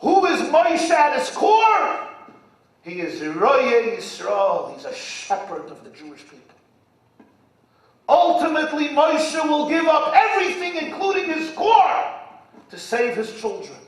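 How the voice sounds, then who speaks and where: High-voiced rabbi booming through an echoey hall. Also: male voice, sing-song, a little slow, recorded from a distance. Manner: dramatic swings from shouting to near-whispers, sprinkled with Hebrew and Yiddish terms. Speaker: rabbi and speaker. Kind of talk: impassioned sermon. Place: event hall.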